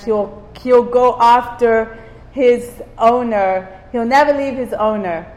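Slow-talking woman from Cyprus, echoing hall. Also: on the high side, darkish tone. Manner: engaging, asks the listeners questions, repeats words for emphasis. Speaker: group leader giving a devotional talk. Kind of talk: informal devotional talk. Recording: roomy hall with long reverb.

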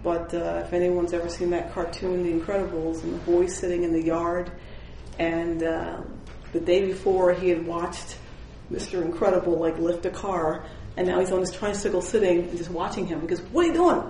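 A woman's voice: lowish voice, little pitch movement, normal speed, creaky, mellow, slight background noise. A woman leading an informal Bible study who tells stories with animation, acts out the people she quotes and often laughs. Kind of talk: informal spoken devotional. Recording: roomy echoing room.

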